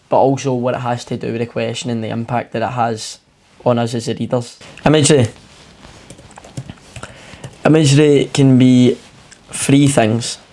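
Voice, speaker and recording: A male tutor talks through exam questions in a loose, conversational way. He rambles a little and leans on fillers as he explains. His pitch sits in an ordinary middle range. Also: a little mellow. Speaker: English tutor. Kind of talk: exam walkthrough lesson.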